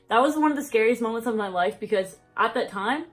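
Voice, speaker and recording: Young female vlogger, high-ish voice, rambling storyteller, lots of "like", faint music under. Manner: rambling, fills speech with "like", laughs often. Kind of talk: casual storytime chat.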